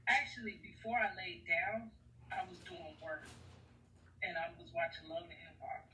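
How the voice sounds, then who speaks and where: A woman's voice: on the low side, fairly even intonation, moderate pace, pushed and bright, slight background noise. Earnest woman rambling, roomy and distant. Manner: earnest, rambling, repeats herself. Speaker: vlogger. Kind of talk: personal storytelling vlog. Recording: echoey room, far from the mic.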